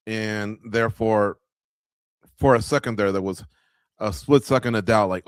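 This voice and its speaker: A man's voice: fairly low pitch, normal speed, clean tone, no room sound, clean studio sound. A man hosting a live watch-along of a fight night, breaking down the action in a loose, conversational way and speaking straight to the viewers. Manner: conversational, talks to viewers, lots of filler words. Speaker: radio show host.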